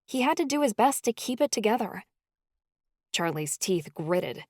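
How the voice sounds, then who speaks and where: Expressive woman audiobook narrator. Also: medium pitch, measured pace, no room sound, studio quality. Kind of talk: first-person scripted narration.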